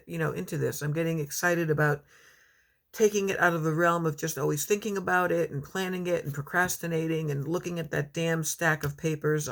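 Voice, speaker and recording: A middle-aged woman at home chatting casually between readings of her own poems, rambling in conversation and reading slowly and tenderly. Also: fairly low pitch. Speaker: poet.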